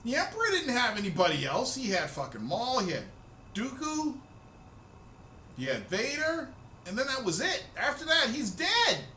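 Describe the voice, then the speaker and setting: A man hosting a profane, excitable fan rant, loud and swearing freely. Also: very high voice, roomy sound, a little hiss or hum. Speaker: host of a rant video.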